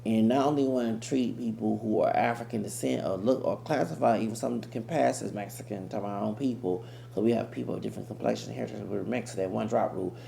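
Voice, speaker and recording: A man's voice: on the low side, quick pace, vocal fry, hardly any pauses, dark tone. A man giving rambling, emphatic reaction commentary as host of his own channel. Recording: echoey room with faint hum.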